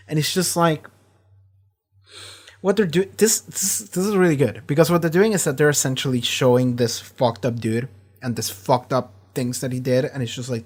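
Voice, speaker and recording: A man's voice: medium pitch, moderate pace. Profane, rambling man reacting to a show. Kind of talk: casual reaction commentary.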